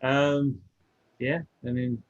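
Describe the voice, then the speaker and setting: A man co-hosting a podcast in a laid-back, halting way as he wraps up the show. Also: medium pitch, little pitch movement, no echo. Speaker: podcast co-host. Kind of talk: casual podcast sign-off. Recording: dry, slightly dull lo-fi sound.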